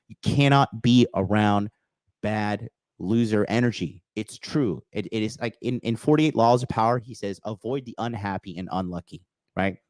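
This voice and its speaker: A man's voice: on the low side, a little mellow, no echo. A man hosting a call-in dating advice show, talking bluntly and profanely in a lecturing way. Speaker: dating coach host.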